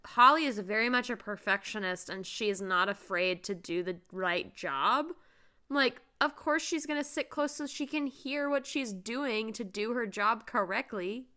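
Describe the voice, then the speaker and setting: A woman co-hosting a casual book podcast, giggly and slangy, swinging between hushed remarks and loud outbursts. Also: on the high side, a little slow. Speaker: podcast co-host.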